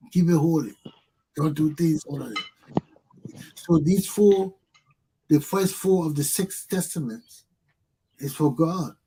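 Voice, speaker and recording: Husky-voiced man preaching on a talk show. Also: fairly high pitch. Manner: preachy, animated, acts out quotes. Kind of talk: casual religious discussion.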